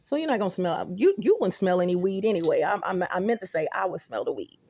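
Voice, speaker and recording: A woman with a Texan accent rambling excitedly to her viewers in a casual phone vlog, often calling them y'all. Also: fairly low pitch, fast talker, no echo. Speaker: vlogger. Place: apartment and stairwell, indoors. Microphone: phone camera held close.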